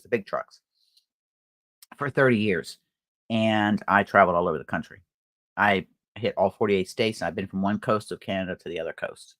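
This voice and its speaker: A woman's voice: very deep voice, a bit bright, no room sound. An older woman hosting a crafting livestream, chatting casually and rambling with fillers and laughter. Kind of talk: casual chat.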